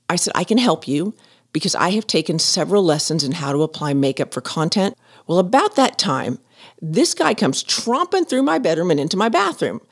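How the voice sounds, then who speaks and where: A woman's voice: medium pitch, gravelly. A middle-aged woman, chatting and telling a story as a podcast host, often laughing. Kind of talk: casual storytelling.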